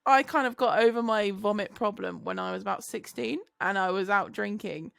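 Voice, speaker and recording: A woman's voice: mid-range voice, brisk, gravelly, a bit bright, no room sound. A tired woman co-hosting a podcast, telling stories in casual chat and laughing often. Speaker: podcast co-host.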